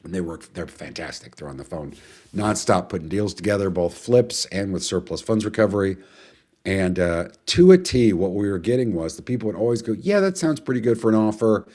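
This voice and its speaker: Male webinar host, very low voice, casual and rambling, chats with the audience. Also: lively intonation, brisk, darkish tone. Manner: chatty, rambling, greets viewers and answers chat questions. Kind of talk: casual live webinar talk.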